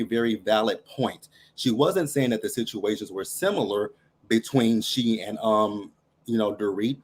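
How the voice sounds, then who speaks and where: A man calling in to a talk show, chatting casually and making his points emphatically with a string of rhetorical questions. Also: mid-range voice. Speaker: caller. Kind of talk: casual chat.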